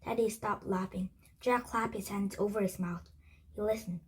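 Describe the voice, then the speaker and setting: A woman reading a children's chapter book aloud, halting with frequent restarts and slips. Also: mid-range voice, fairly even intonation, husky, poor audio. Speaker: storybook reader.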